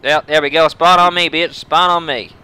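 A man's voice: fairly high pitch, fairly even intonation, moderate pace, sharp tone, clear, resonant tone, rough recording. A man in a casual gaming chat, joking around, swearing often and laughing, with a loose put-on Southern US twang. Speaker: gamer, helicopter pilot teammate.

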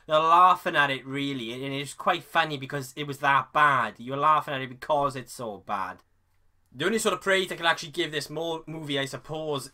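A man giving a casual, rambling film review, often restarting his sentences and filling pauses with ums and uhs. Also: a little high, pushed and bright. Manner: rambling, self-correcting, with many fillers. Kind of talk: casual spoken movie review.

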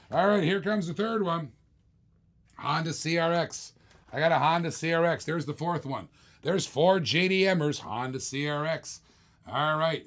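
Excited older man calling an auction. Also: fairly high pitch. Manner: enthusiastic, chatty, repeats lines while showing cars. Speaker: live auction host. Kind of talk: energetic live-stream auction patter.

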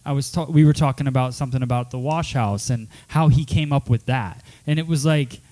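A man's voice: medium pitch, fairly quick, mellow. A man hosting a casual hair-salon talk show, chatting in a rambling, upbeat way with many fillers. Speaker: podcast host. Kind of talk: casual chat.

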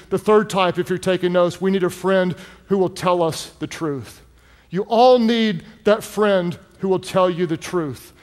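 A man preaching a sermon as pastor, telling stories with lively delivery that builds to shouted emphasis. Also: sits high. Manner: animated storytelling, rising to shouts. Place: large church hall. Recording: long hall reverb.

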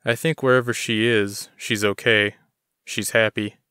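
Guarded teen runaway boy, soft and short-spoken, read by a man; close, dry sound. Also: fairly low pitch, steady tone, a little slow, smooth, no echo. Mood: wistful. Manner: short, quiet answers. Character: fourteen-year-old runaway boy, quiet and guarded.

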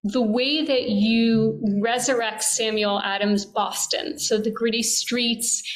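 A woman interviewer with a slightly high voice leads a conversation at a public event. She sounds enthusiastic and appreciative, offering frequent affirming murmurs between her questions. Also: fairly even intonation, slow pace, rough recording. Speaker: interviewer from a historical society.

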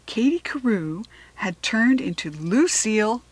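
A woman reading a children's chapter book aloud in a gentle storytelling way, sometimes dropping into soft whispered asides. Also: on the high side, expressive, unhurried, husky.

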